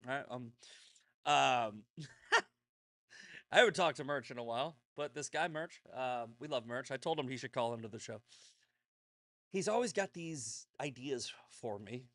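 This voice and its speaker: A man's voice: medium pitch, lively intonation, a little slow, pauses often, fairly bright tone, no echo. Blunt, profane man ranting off the cuff. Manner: blunt, profane, rambling with restarts. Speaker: show host. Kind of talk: casual monologue.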